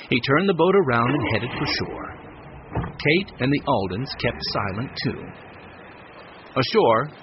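A man reads a storybook chapter aloud with lively, expressive pitch. The recording is a little dull, with faint background hum. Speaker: audiobook narrator. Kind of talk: scripted narration. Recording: slightly muffled audiobook recording.

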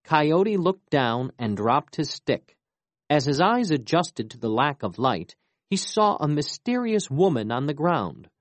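A storybook narrator reading a folk tale slowly, with a lively rise and fall in pitch. The recording is close and dry. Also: no room sound. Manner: slow, expressive reading.

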